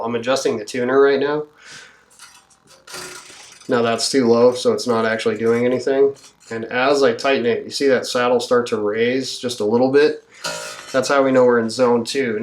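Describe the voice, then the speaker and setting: A man who builds guitars walks through a setup at his workbench, relaxed and thinking aloud as he works. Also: medium pitch, slight background noise. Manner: relaxed, thinking aloud while working, with fillers. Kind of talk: hands-on instructional walkthrough.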